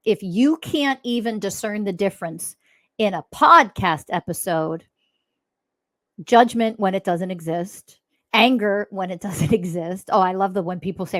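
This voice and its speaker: A woman's voice: mid-range voice, unhurried, fairly bright tone, no echo. Woman ranting on her podcast, swears a lot, dry close sound. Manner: blunt and profane, mocking imitations of others. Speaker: podcast host. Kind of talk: spiritual podcast monologue.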